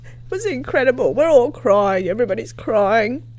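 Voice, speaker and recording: A woman, a guest telling a personal story in an interview, lively, moving from hushed to loud. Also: a little high, normal speed. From Croatia.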